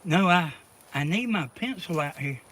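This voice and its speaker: A man's voice: on the high side, expressive, moderate pace, a bit bright. A man from Georgia with a Southern accent filming outdoors, joking and rambling to his viewers. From Georgia, USA. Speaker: vlog cameraman and co-host. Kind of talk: casual vlog chat to viewers. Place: outdoor garden. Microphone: camera he holds.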